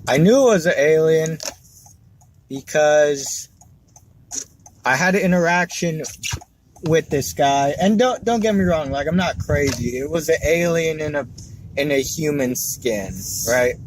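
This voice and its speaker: A man's voice: a little high, unhurried, pauses often. A man doing a stand-up set from his car while driving, telling stories in a wry, conversational way. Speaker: stand-up comedian. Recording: noisy car interior. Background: car and road noise.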